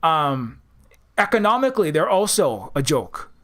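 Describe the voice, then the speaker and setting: A man's voice: fairly high pitch, very animated, unhurried, a bit bright. A man hosting his own channel, giving a rambling, heated political monologue with many restarts and mocking impressions. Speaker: political commentator, channel host.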